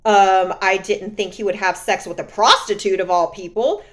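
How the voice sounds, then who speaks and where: A woman's voice: medium pitch, fairly even intonation, normal speed, slight background noise. A woman vlogger talking straight to camera in a sassy, indignant, emphatic way. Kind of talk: candid vlog monologue.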